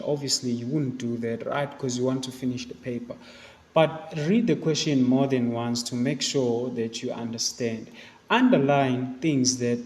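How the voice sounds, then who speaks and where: A male English teacher goes through an exam paper at a patient, explanatory pace, with fillers and repeated phrases. His mid-pitched voice carries a long reverb tail, as if he were recorded in a bare hall. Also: darkish tone. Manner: explanatory, talks students through questions with many fillers. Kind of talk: exam review lesson.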